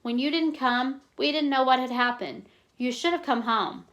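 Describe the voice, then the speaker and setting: A woman reading the lines of a kind farm father who speaks in a slow, calming voice. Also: high voice, highs cut off, pitched above the performer's own voice.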